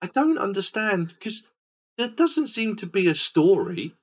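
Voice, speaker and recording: A man hosting a casual film podcast, retelling scenes in a rambling, animated way. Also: sits high, a little slow. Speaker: podcast host.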